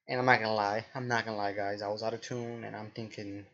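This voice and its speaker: A man in his twenties rambling casually to his viewers, halting often with restarts and fillers. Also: fairly low pitch, steady tone, fairly bright tone, muffled recording, a little hiss or hum. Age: 20s. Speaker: vlogger. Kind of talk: rambling casual monologue to camera.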